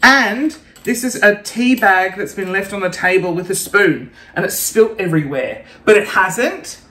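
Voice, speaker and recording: A young man vlogging a casual shopping haul, playful and self-mocking, with sudden excited gasps. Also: high voice, a little slow. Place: room at home. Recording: roomy home recording.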